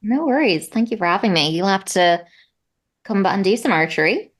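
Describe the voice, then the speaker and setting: A woman's voice: medium pitch, expressive, a little fast. An Irish woman, a guest athlete, chatting casually in an interview with lots of fillers. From Ireland. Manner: chatty, self-deprecating, many fillers.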